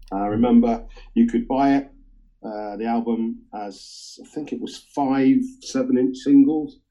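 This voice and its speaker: A man with a very dark, mellow voice and a rather low pitch, talking about records in a casual chat. He hesitates often with ums and uhs, and his enthusiasm comes through. The sound is dull and lo-fi. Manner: enthusiastic record collector talk. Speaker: co-host sharing record picks.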